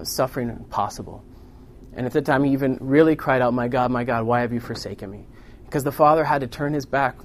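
Earnest male preacher, rising to loud peaks. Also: medium pitch, a little hiss or hum. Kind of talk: sermon. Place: room with a congregation.

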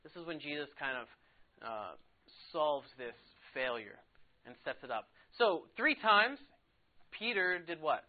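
A man teaching a casual Bible lesson to a class in a classroom, chatty and quick to laugh, saying "like" a lot. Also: fairly high pitch, animated. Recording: tinny phone-like sound.

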